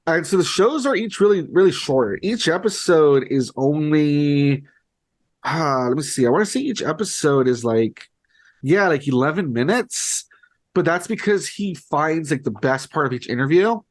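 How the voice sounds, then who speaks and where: Podcast dude rambling on, says like every other word, kinda high-ish voice. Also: male voice, animated, moderate pace. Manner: rambling, filler-heavy retelling. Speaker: podcast co-host. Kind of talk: casual chat.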